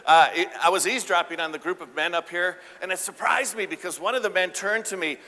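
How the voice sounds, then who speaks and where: A man giving a live keynote talk, playful and joking, getting the audience to shout out answers. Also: high-pitched, fast. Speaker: keynote speaker. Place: large event hall with audience. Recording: live hall with reverb.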